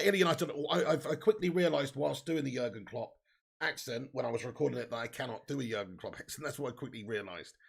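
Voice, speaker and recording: A man's voice: medium pitch, vocal fry, slightly rough. Jokey man hosting a stream. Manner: jokey, laughs often, reads out viewer comments. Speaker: live stream host. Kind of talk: football watch-along live chat.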